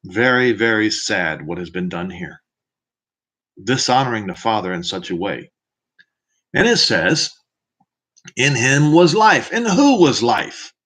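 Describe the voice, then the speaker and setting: A man's voice: fairly low pitch, sing-song, measured pace, long pauses, fairly bright tone. A man teaching scripture in a preaching manner, emphatic and fond of rhetorical questions to the listener. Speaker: Bible teacher. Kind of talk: preaching Bible commentary.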